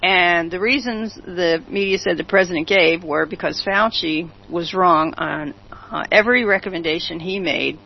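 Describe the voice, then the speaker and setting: Husky host, opinionated news commentary, rhetorical jabs at co-host, dull lo-fi recording. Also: mid-range voice, moderate pace. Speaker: talk show host.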